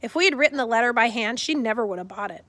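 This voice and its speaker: A woman narrating a chapter book with steady, expressive reading. Her voice sits slightly high for a woman. The recording is close and dry with no room sound. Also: very fast, dry recording. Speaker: audiobook narrator. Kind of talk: scripted storybook narration.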